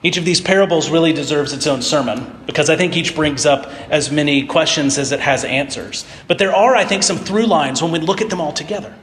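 Guy preaching a sermon, kinda high voice, casual storyteller vibe, lots of hall echo. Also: brisk, hardly any pauses, fairly bright tone, slight background noise. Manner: casual storytelling retelling of parables. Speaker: pastor. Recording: echoey hall reverb.

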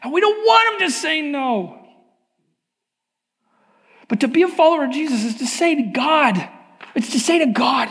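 A man's voice: very high-pitched, animated, moderate pace, long pauses, a bit bright. A middle-aged male pastor giving a sermon, telling personal stories in a candid, confessional way. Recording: long hall reverb.

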